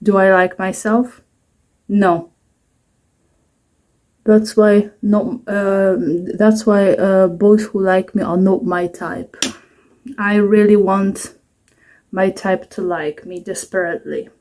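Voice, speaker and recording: A woman's voice: medium pitch, steady tone, takes it slowly, pauses often, darkish tone. A woman in her twenties chatting to camera in a rambling, self-mocking way, at home at night. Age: 20s. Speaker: vlogger. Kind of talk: casual talking-to-camera vlog.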